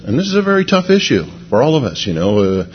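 A man's voice: mid-range voice, sing-song, fast, muffled recording, a little hiss or hum. A man preaching by telling a rambling personal story, casual and full of "you know" and restarts. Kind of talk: anecdotal sermon storytelling.

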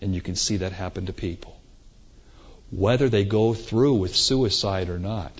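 A man preaching a sermon emphatically, swinging between loud climaxes and quiet moments, with rhetorical questions. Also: on the low side, breathy edge. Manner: emphatic, rising and falling for effect, rhetorical questions. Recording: dull lo-fi recording.

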